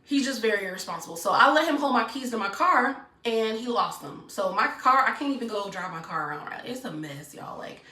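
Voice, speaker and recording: A woman's voice: a little high, lively intonation, brisk, hardly any pauses, bright, forceful tone. A young woman, telling viewers a personal story in a blunt storytime vlog at home. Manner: blunt, talks straight to viewers. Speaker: vlogger. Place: room at home. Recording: echoey room, mic at a distance.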